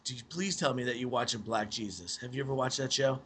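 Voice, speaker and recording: A man's voice: medium pitch, fast talker, fairly bright tone, husky. Profane rambling man telling stories. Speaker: podcast guest. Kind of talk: casual chat.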